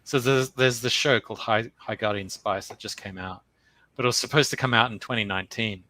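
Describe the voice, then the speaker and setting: A man's voice: brisk, no echo. A man in casual podcast chat, ranting animatedly with lots of swearing. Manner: animated, swearing, jumps into mocking high voices when quoting. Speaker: podcast co-host.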